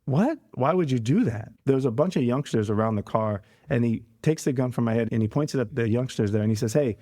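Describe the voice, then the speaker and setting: A man sits in for a casual interview and tells his story with animated energy. He acts out the voices of the people in it and laughs between lines. His voice is mid-pitched and the sound is dry and close. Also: quick pace, no room sound. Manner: animated retelling, acting out quoted voices, laughing. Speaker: podcast guest.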